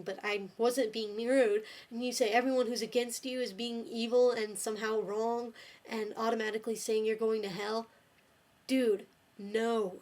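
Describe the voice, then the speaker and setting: A woman delivering an exasperated, scolding rant straight to the camera, swearing often. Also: fairly high pitch. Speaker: video blogger.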